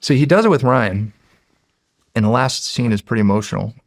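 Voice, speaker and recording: A man's voice: mid-range voice, a little fast, no echo. An American man in his forties, a podcast guest telling a story in a casual way, acting out what people said and swearing freely. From United States. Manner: animated storyteller who acts out quotes and swears freely.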